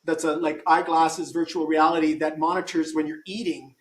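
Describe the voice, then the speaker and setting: A man's voice: a little high, little pitch movement, normal speed, echoey room. A man talking as a guest in a casual conversation. He thinks aloud and often restarts his sentences.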